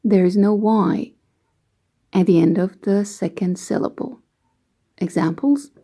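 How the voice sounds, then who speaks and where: Woman teaching english grammar, calm and careful, mellow soft tone. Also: mid-range voice. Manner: slow, careful, patient explaining. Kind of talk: explaining grammar lesson.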